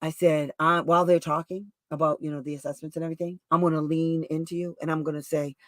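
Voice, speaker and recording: A woman hosting a show as a special education advocate, telling stories in a chatty, rambling way with asides and quick restarts. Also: low-pitched, flat delivery, dry recording. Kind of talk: casual storytelling livestream talk.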